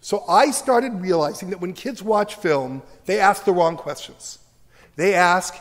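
A man's voice: high-pitched, measured pace. A man in his sixties, a teacher, giving a joking, emphatic lecture on a stage microphone in a large auditorium. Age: 60s. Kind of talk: humorous, animated public lecture. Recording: reverberant auditorium lecture recording.

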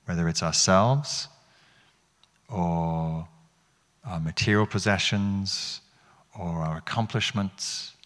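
A man's voice: low voice, takes it slowly, pauses often, a bit bright. A man teaching meditation to an audience in a hall, speaking reflectively and asking them questions, often restarting his phrases. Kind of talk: dharma talk.

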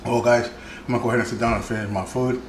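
Male cooking vlog host, relaxed and chatty, mid pitch, recorded in an echoey home kitchen with noise. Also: racing. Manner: relaxed, chatty, talks while eating.

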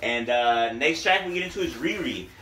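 A man's voice: mid-range voice, lively intonation, normal speed, pushed and bright, reverberant, a little hiss or hum. A man giving a casual, profane and joking music review.

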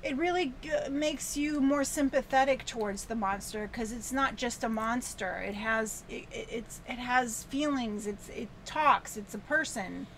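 A woman with a fairly high voice, recapping a film plot at a slow, unhurried pace and stopping often for ums. She laughs often as she talks, with a faint hiss of noise behind her. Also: a bit bright. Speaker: podcast co-host. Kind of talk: casual chat about a film.

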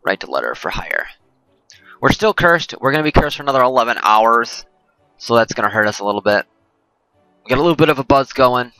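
A man talks through a game in a rambling, jokey way and keeps correcting himself. His voice is bright and animated. He sounds dry and close to the mic, with faint music underneath. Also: medium pitch, a little fast, pauses often, no room sound, poor audio. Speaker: let's play host. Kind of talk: casual gameplay commentary.

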